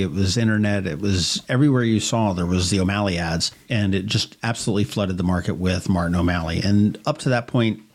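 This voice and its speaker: A man with a Maryland accent co-hosting a podcast, rambling through local politics and telling anecdotes. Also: lowish voice. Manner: rambling, tells anecdotes with quoted voices. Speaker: podcast co-host. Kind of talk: casual political chat.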